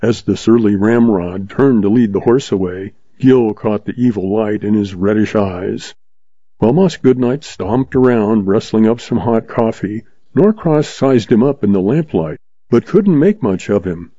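Low, mellow male audiobook narrator. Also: unhurried, no room sound. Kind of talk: scripted narration of a western novel. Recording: dull lo-fi dry recording.

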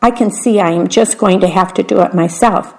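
A woman's voice: medium pitch, a little fast, vocal fry, darkish tone, close to an everyday voice. A woman reading aloud, voicing a grumpy, self-important man who speaks crossly and demandingly.

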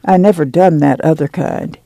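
A man's voice: a little high, moderate pace, gravelly, no echo. A man voicing a shy, hesitant young pregnant woman for an audiobook. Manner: soft, hesitant. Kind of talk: audiobook reading.

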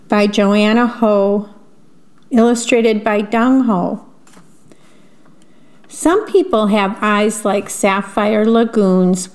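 A woman reading a picture book aloud to children, gently describing each picture as she goes. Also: medium pitch.

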